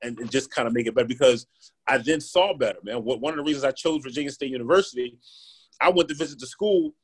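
Husky animated man. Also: medium pitch, fast. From Philadelphia, USA. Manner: animated, keeps asking "right?", acts out quotes. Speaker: podcast guest. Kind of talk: casual interview storytelling.

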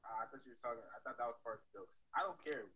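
A man's voice: mid-range voice, fairly even intonation, rapid-fire, sharp tone, husky, no room sound. A man on a video call giving short, mumbled replies. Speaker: video chat stranger.

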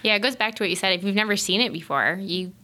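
Bright-voiced woman host. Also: mid-range voice, fast. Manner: supportive backchannels, light laughter. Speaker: podcast host. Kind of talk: casual interview.

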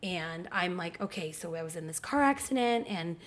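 A woman in her thirties, hosting a podcast, telling a candid personal story in casual chat. She talks in an animated way, swears freely, and acts out the people she quotes. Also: on the low side, normal speed.

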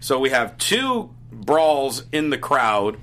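A man hosting a podcast, casually recapping events in quick, quippy bursts. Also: mid-range voice, very animated, fairly bright tone. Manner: brisk recapping, quick quips. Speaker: podcast host.

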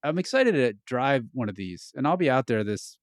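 A man's voice: medium pitch, sing-song, normal speed, no room sound, clean studio sound. A man hosting an interview podcast, talking casually and chattily, often nodding along with short agreements. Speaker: podcast host. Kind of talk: interview conversation.

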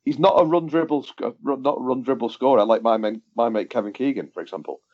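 A man co-hosting a football podcast, telling match stories in casual chat and acting out what people shouted. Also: mid-range voice, fast talker. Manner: animated storyteller, acts out quotes. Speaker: podcast co-host. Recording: dull lo-fi podcast audio.

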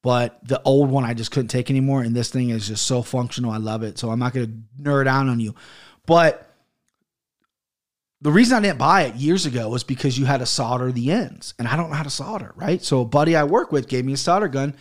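This man's medium-pitched voice moves at a fairly quick pace as he hosts his own podcast from a home studio office. Heated ranting and frequent swearing fill the recording, made on an arm-mounted studio mic.

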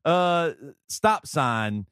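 Man doing a guilt-ridden Southern storyteller: drawling, slow, pitched up, dry studio sound. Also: sing-song, a bit bright, smooth, no echo, heavily acted. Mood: sheepish.

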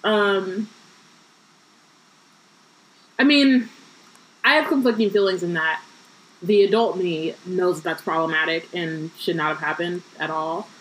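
A woman's voice: fairly low pitch, a little slow, pauses often, poor audio. A woman co-hosting a casual book-club podcast, reading passages aloud and breaking off into joking asides with plenty of fillers.

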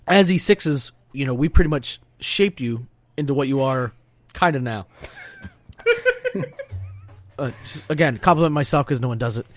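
A man co-hosting a podcast, a former enlisted sailor talking in a casual, rambling, profane and joking way. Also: medium pitch. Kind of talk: casual chat.

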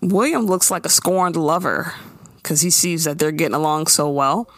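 A woman hosting a casual podcast, recapping a TV episode in an animated way, swearing freely and slipping into quoted voices. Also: low-pitched, normal speed, dry recording, clean studio sound. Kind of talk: casual chat.

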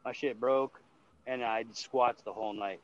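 A man's voice: medium pitch, steady tone, moderate pace, a crowd in the background. A man from Massachusetts with a Boston accent, chatting casually on his stream, rambling loosely and swearing constantly. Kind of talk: casual chat. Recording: dull lo-fi sound.

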